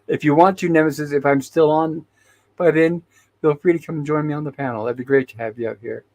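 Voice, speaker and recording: A man's voice: on the high side, steady tone, a little fast, a little mellow. A man hosting a casual livestream who reads viewer chat messages aloud and greets each viewer by name, often restarting and correcting himself. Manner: hesitant, with frequent restarts and self-corrections. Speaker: livestream host.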